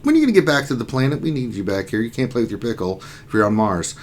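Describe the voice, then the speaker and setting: A man's voice: medium pitch, very animated, racing. A man hosting a casual livestream chat, joking around and reading viewer comments aloud. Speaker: livestream host.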